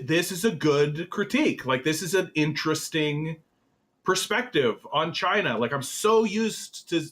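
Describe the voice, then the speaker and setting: A man hosting a political commentary show, reading an article aloud and reacting to it in an animated, swearing, exasperated way. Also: fairly high pitch. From Canada.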